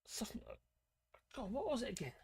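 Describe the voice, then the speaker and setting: A man's voice: very high voice, sing-song, fairly quick, creaky, a little mellow, husky, no room sound, clean studio sound. A man hosting a live politics stream, rambling and blunt, swearing freely and chuckling as he talks. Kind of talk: casual live-stream commentary.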